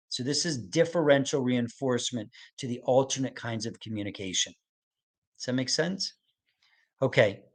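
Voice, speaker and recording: A middle-aged man leads a parenting webinar in a calm, gentle way. He repeats key phrases so that they sink in and often checks in with the listeners. His pace is patient and he explains things slowly. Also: medium pitch. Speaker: autism expert presenting a webinar.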